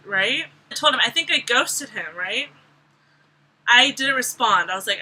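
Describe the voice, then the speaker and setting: A woman's voice: fairly high pitch, expressive, measured pace, pushed and bright, poor audio. A young woman vlogger telling a storytime in a chatty, sarcastic way, full of "like". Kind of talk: casual storytime.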